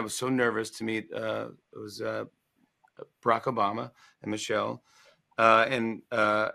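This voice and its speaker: During a promotional livestream interview, a man in his forties, an author appearing as a talk show guest, casually tells a funny anecdote and animatedly acts out the voices of those he quotes. His voice is lowish and gravelly.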